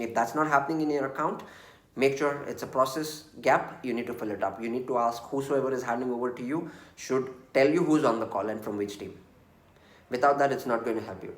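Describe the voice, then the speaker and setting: Indian man coaching, roomy echo. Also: medium pitch. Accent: Indian English. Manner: earnest, repetitive, coaching tone with acted-out examples. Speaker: IT trainer. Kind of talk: casual instructional talk.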